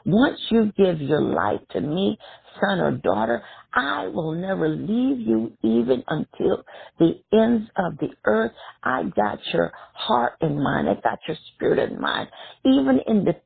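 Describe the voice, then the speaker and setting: Woman preacher, unhurried and husky, dry tinny phone-line sound. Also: big pitch swings, dry recording. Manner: slow, emphatic preaching with sudden high rises. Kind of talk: sermon.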